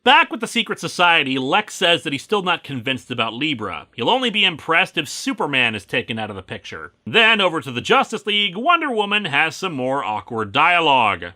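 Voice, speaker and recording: A man's voice: fairly high pitch, very animated, fairly quick, hardly any pauses, sharp tone. A man reviewing comic books in comedic narration, full of sarcastic, wry asides.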